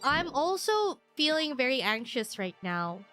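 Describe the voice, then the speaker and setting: A woman streaming a game live, chatting excitedly and reading the game's dialogue aloud. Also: high-pitched, measured pace, faint music behind. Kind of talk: live gameplay commentary.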